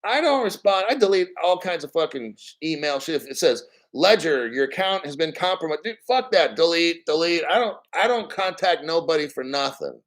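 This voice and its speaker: A man's voice: fairly high pitch, sing-song, brisk, few pauses, low-quality recording. A man hosting a casual crypto stream, rambling bluntly and swearing freely. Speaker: crypto show host. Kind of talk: casual live-stream rant.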